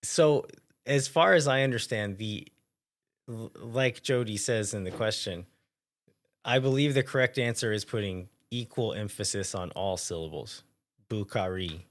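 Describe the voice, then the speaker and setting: A man co-hosts a soccer podcast in casual, easygoing chat. His voice sits a little low. He thinks out loud, wandering into loose asides. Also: expressive, moderate pace.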